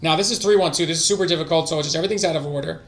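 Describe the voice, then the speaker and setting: A streamer learning languages runs a casual live study session, talking to himself in a gravelly, highish voice at a rapid-fire pace and drifting into quiet mutters. The room has an echo.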